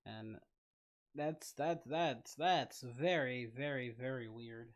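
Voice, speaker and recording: A man hosting a casual livestream, reading viewer comments aloud and answering them, laughing often and breaking into sudden loud outbursts. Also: mid-range voice, takes it slowly. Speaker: livestream host.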